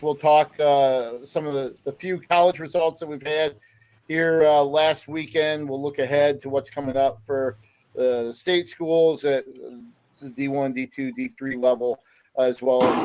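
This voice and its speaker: A man hosts a casual sports podcast, his voice sitting a little high for a man. He chats and tells stories loosely, with plenty of "uh" between thoughts. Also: a little mellow, clean tone. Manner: chatty storyteller with many fillers.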